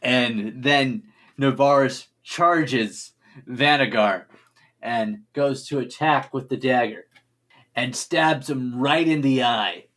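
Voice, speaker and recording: A man narrating a tabletop game as game master in a playful, animated storytelling manner. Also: medium pitch, slow.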